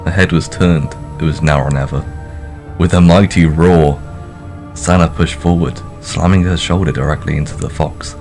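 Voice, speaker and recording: A man's voice: rumbling low, fairly even intonation, moderate pace, a little mellow, faint music behind. A young British man reading a story aloud in a casual session, plain narration with teasing laughs between passages.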